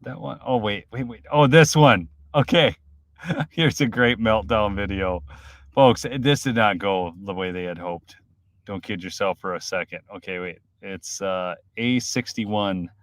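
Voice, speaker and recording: A man from Minnesota hosting a live political commentary stream, swinging between loud outbursts and quiet mutters. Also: fairly low pitch, unhurried, no echo.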